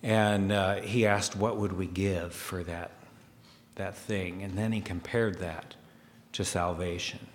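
A man preaching a sermon, slow and hesitant, with fillers and restarts, growing louder as he reads scripture aloud. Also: deep voice, fairly even intonation, big-room sound, a little hiss or hum.

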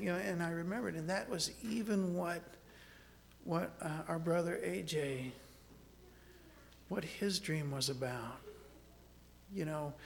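A man preaching a sermon, moving from scripture into a personal story, earnest and halting, often repeating words as he restarts. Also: fairly high pitch, vocal fry, long reverb tail, slight background noise.

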